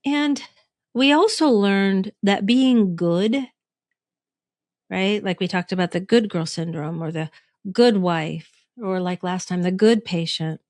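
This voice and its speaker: A woman's voice: mid-range voice, slow pace, darkish tone, no echo, studio quality. A middle-aged woman hosting a reflective solo podcast, talking in a conversational way, asking listeners questions and laughing at herself. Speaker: podcast host and coach.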